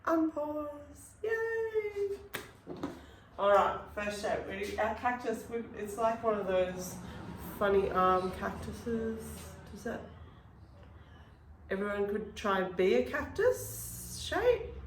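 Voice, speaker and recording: A woman's voice: medium pitch, lively intonation, slow pace, noisy background. Woman art teacher chatting thru each step, kinda far off the mic in an echoey studio. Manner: chatty, encouraging, talks through each step. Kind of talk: unscripted art class. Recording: roomy, from a distance.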